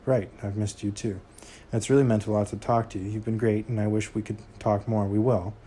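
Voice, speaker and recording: A man's voice: fairly low pitch, level tone, fairly quick, mellow, slight background noise, natural voice. A man reading a manipulative estranged dad. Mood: wistful. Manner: clingy, turning cold and menacing.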